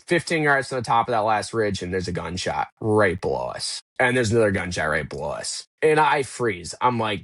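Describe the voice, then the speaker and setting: Man telling a story with animated energy. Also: on the low side, brisk, hardly any pauses, slightly rough, no echo. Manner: animated, acts out his own past thoughts in quotes. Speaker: podcast guest. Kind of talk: casual storytelling interview.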